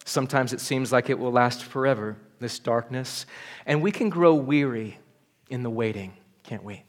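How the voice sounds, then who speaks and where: A man's voice: mid-range voice, normal speed. A man preaching a sermon at a church service, earnest and building to urgent appeals. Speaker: pastor.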